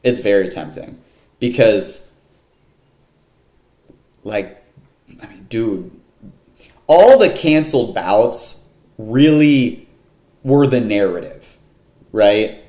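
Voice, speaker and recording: A man's voice: fairly low pitch, sing-song, extremely slow, pauses often, darkish tone. Slangy man breaking down fights, echoey room. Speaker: MMA fight picks vlogger. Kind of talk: casual fight card breakdown.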